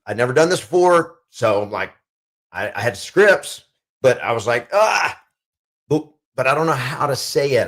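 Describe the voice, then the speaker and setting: A middle-aged man gives a motivational coaching talk to agents, hammering his points with short, repeated phrases. His pitch sits in an ordinary male middle range, and he speaks plainly and directly to the listener. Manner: punchy, repetitive, coaching tone. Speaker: real estate coach.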